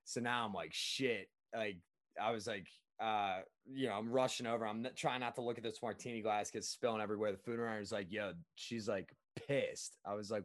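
A young man chatting casually, spinning a story with lively swings into a high, exaggerated voice when he quotes someone. His voice sits at an everyday middle pitch. The sound is close and dry, with no room echo. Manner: animated, jumps to high pitch when quoting. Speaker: restaurant server.

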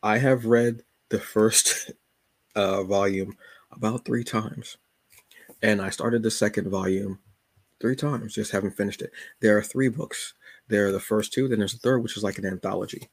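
A man with a fairly low, husky voice talks loosely and jokingly as a podcast host, like he is chatting with friends. The sound is dry and close, with no room around it. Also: fairly even intonation, normal speed, no echo. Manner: laid-back, joking, colloquial. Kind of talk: casual solo chat.

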